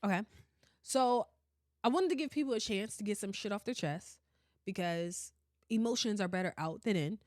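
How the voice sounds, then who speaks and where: A woman hosting a podcast in casual chat, animated and blunt, swearing freely and often breaking into laughter. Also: medium pitch, normal speed, dry recording, studio quality. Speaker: podcast host.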